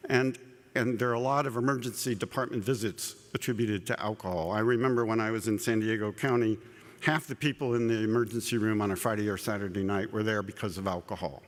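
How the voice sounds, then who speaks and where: A man at a conference lectern lays out a scientific framework in a relaxed, conversational way. He repeats words as he goes and slips in dry asides. His voice carries a long reverb from a large hall. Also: lowish voice, fast talker. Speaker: conference speaker. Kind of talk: plenary scientific lecture.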